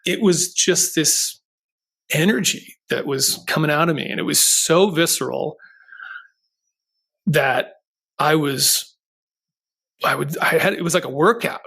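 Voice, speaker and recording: Gravelly middle-aged man telling a story. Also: on the high side, measured pace, pauses often, pushed and bright. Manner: earnest, rambling with restarts and filler. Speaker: podcast host. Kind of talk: conversational interview storytelling.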